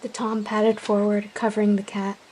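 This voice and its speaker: A woman softly narrating a casual animal roleplay story and chatting to viewers. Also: mid-range voice, completely flat delivery, normal speed, slight background noise. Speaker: storyteller and video creator.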